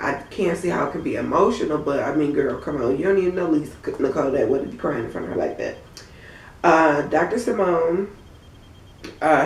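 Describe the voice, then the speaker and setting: A woman with a hoarse voice from a cold, giving a blunt, chatty recap of a TV episode. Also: low-pitched, a little hiss or hum. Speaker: TV episode reviewer. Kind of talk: casual recap commentary. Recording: roomy, from a distant mic.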